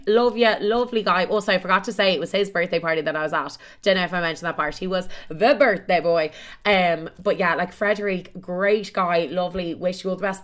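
A woman's voice: on the low side, normal speed, a bit bright. A young woman hosting a podcast, telling a story in a dramatic, exaggerated way and swearing freely. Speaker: podcast host.

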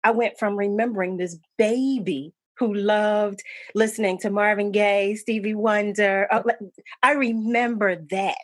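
Effusive, slightly husky woman. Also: medium pitch, steady tone, a little slow, dry recording. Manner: effusive and warm, laughing often. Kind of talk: casual chat between old friends.

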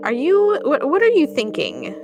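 A woman's voice: high-pitched, wildly swooping pitch, normal speed, creaky, dull audio, music in the background. A woman playing a tabletop game in casual chat, bubbly and laughing often. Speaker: player.

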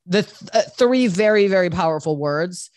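Woman podcast host, fooling around and swearing, with a lively, bouncy pitch and a dry, close sound. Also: moderate pace, no echo. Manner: joking, profane, self-deprecating. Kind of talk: casual recovery podcast chat.

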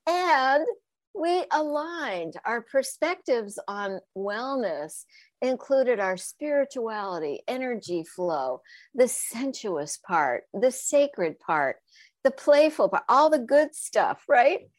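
A woman's voice: a little high, takes it slowly, no room sound. A woman sex coach and author telling stories in a casual interview, laughing often and acting out the voices of people she quotes. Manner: animated, laughing storyteller who acts out quoted voices.

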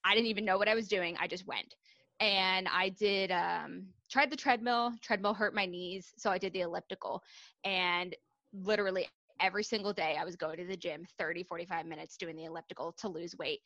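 A woman's voice: fairly low pitch, fairly even intonation, fairly quick, bright, forceful tone, dry recording. A young adult woman, a fitness coach, telling her story in a casual, candid podcast interview, with many ums and likes.

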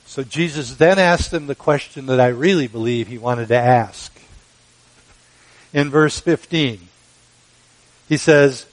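A man preaching a sermon, measured and emphatic, with dramatic pauses. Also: mid-range voice, low-quality recording. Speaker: pastor.

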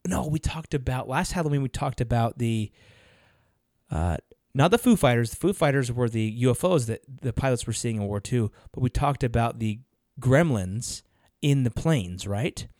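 A man's voice: mid-range voice, animated, normal speed, a little mellow, no room sound, studio quality. Chatty man co-hosting a podcast. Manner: chatty, laughs often, reads notes aloud. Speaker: podcast co-host. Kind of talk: casual chat.

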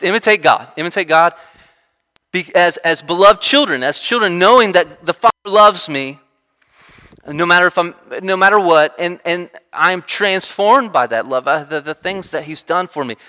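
A man preaching a sermon in an animated, conversational way, often restarting his sentences. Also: on the high side, normal speed. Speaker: pastor. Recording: reverberant hall sound.

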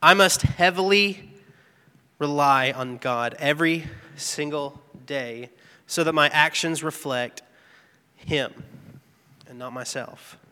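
A man's voice: on the high side, slow, pauses often, sharp tone, clear, resonant tone. A man giving an earnest, candid devotional testimony, telling a personal story about his work. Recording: long reverb, echoey hall.

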